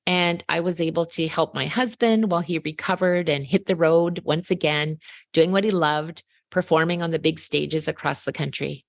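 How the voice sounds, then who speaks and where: Woman, podcast host, lower voice, dry close sound, dramatic emphatic storytelling. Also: steady tone, normal speed, vocal fry, no echo. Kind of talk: scripted podcast monologue.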